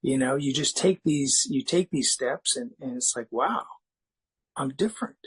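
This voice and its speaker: A man's voice: mid-range voice, a little slow, breathy edge, low-quality recording. A middle-aged man from the United States speaking as a recovery meeting speaker, in a candid, self-mocking personal talk with frequent restarts.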